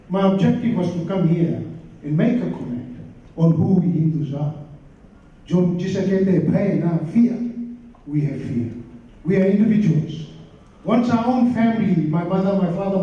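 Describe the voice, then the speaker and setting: A man's voice: high-pitched, mellow. A man in his sixties from Fiji, speaking from the floor of a large conference hall in an impassioned, rousing tone. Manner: emphatic, rousing. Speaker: audience member giving a comment. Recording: echoey hall, far from mic, dull.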